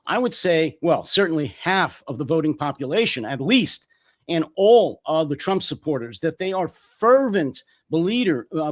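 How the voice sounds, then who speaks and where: An American man hosting a political talk show, speaking indignantly and emphatically with some hesitations. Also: on the high side. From United States. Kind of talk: political commentary chat.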